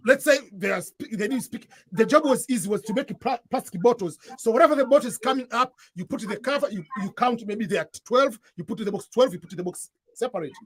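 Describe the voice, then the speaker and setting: Man, East African accent, very high voice, husky, dry close sound, earnest advice, repeats himself. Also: fairly bright tone, no room sound. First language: Swahili. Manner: earnest, repeats and restarts phrases. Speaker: guest giving advice to newcomers. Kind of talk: casual advice chat.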